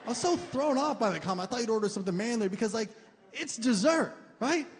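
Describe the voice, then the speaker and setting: High-voiced stand-up comic in a reverberant club. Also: male voice, very fast. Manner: animated, mocking voices, loud comic outbursts. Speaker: stand-up comedian. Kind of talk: stand-up comedy set. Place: comedy club stage with a laughing audience. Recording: long hall reverb, faint room noise.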